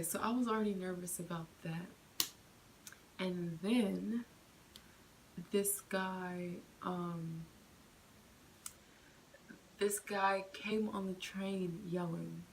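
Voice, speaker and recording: A young woman vlogger chatting through a storytime, full of fillers and animated retelling. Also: on the low side, takes it slowly, slight background noise, poor audio. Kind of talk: storytime vlog.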